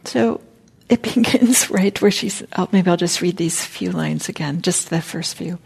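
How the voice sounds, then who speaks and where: A woman meditation teacher giving a dharma talk at a meditation center, speaking softly and haltingly, often near a whisper. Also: lowish voice, creaky, slightly rough.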